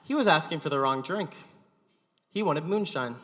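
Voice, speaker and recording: A man hosting a live stand-up show, telling a story in a wry, deadpan way. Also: a little high, normal speed, noisy background. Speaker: stand-up comedian and show host. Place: gallery venue with live audience. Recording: echoey gallery hall, long reverb.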